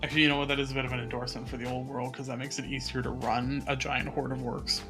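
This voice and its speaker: A man's voice: medium pitch, level tone, racing, music in the background. A man co-hosting a casual hobby podcast, musing thoughtfully and rambling with many fillers. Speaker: podcast co-host.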